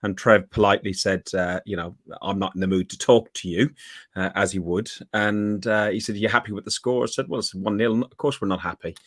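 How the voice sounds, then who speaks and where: A man's voice: fairly low pitch, steady tone, fairly quick, fairly bright tone, no echo, studio quality. A man hosting a casual football podcast, telling rambling stories full of fillers. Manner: rambling anecdotes with many fillers. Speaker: podcast host.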